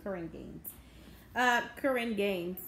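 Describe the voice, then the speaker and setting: A woman's voice: mid-range voice, takes it slowly, gravelly, a bit bright. A woman, ranting to her viewers in a bitter, indignant vlog. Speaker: vlogger. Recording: echoey room, faint background noise.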